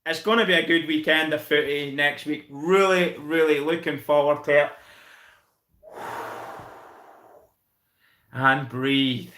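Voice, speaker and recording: A man's voice: fairly high pitch, fairly even intonation, normal speed, hardly any pauses, a bit bright, echoey room. A Scottish man hosting a casual live stream, chatting with viewers, thanking them by name and calling them mate. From Scotland. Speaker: channel host reviewing football.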